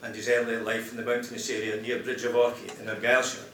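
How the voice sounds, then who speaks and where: A man introducing and reading poems at a conference in a measured, explanatory way. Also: medium pitch, monotone, fairly bright tone, far from the mic. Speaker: presenter of poems. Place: conference hall. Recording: roomy hall with faint noise.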